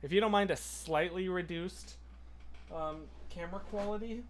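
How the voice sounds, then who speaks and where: A man hosting a casual livestream, chatting and answering viewer comments in an excitable, rambling way. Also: high-pitched, moderate pace, a little hiss or hum. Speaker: livestream host.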